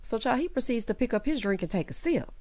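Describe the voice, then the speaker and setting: A woman giving a casual, sassy recap of a reality dating show, talking often to her viewers and jumping high in pitch to stress a point. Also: quick pace. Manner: sassy, animated, peppered with "child" and "honey"; swoops high in pitch for emphasis. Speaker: TV recap vlogger.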